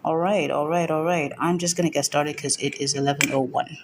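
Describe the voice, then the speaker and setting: A woman's voice: low voice, steady tone, fairly quick, a little hiss or hum. A woman from Nigeria hosting a livestream trading lesson. She welcomes viewers by name and is firm and direct, repeating her key points. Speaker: forex trading mentor.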